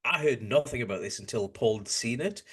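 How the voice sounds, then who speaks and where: A man's voice: medium pitch, lively intonation, brisk, a bit bright, husky. A man telling a laid-back story as a podcast guest. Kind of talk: casual chat.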